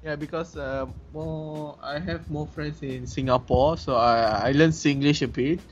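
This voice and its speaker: Malaysian man with a fairly high, halting voice. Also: fairly even intonation, faint music behind. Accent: Malaysian English. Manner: halting, many fillers and restarts. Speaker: podcast co-host. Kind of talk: casual chat. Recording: dull lo-fi sound with faint noise.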